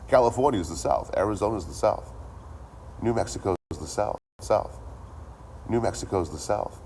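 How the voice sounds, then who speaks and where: A man with a very deep voice ranting to his live chat. He swears constantly, repeats himself and talks in a loose, animated way. A faint hum of vehicle noise sits under his voice. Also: a little fast. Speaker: streamer. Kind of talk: casual rant to a live chat.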